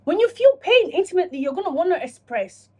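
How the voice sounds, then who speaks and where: A woman talking casually to camera in a self-reflection vlog, animated and profane, acting out her own inner dialogue. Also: very high voice, fast talker. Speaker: vlogger.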